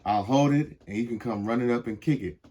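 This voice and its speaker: An earnest, hopeful cartoon boy who keeps trying and keeps getting fooled, as a man reading aloud puts him on. He sounds eager and at times indignant, at an ordinary middle pitch, in a children's storybook reading. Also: a little fast, mellow, slightly rough, muffled recording, close to an everyday voice.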